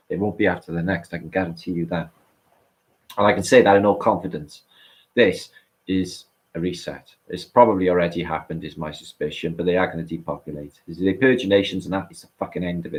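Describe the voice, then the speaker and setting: Low-voiced british bloke rambling on a livestream, swears a lot, gets worked up. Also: male voice. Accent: British English. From England. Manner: excitable, swearing, rambling with restarts. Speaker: online show co-host. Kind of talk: rambling casual chat on a livestream.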